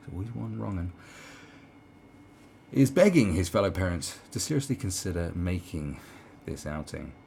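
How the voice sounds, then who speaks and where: A man's voice: sits low, big pitch swings, moderate pace, vocal fry, a little mellow, slight background noise. A middle-aged man with a British accent giving a sarcastic, rambling video commentary, swearing and restarting often. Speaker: commentary vlogger.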